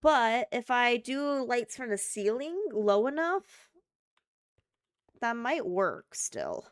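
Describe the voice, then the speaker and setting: Bubbly woman streamer, lively voice. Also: fairly high pitch, slow pace, no room sound, clean studio sound. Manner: chatty, bubbly, thinks aloud with fillers. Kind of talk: casual live-stream chat while gaming.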